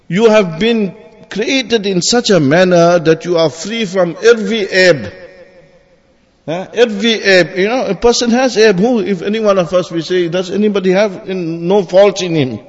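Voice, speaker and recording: Male preacher, high voice, Friday sermon, muffled recording with long reverb. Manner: repeats "my dear brothers" and asks "huh?" to the audience; recites Arabic verses fast, then translates.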